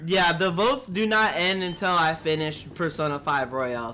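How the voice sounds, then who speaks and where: Young man, game streamer, casual commentary, lots of swearing, bright forward voice, faint music behind. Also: clear, resonant tone. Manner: swears a lot, pitch jumps up sharply when flustered. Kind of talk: casual live gameplay commentary.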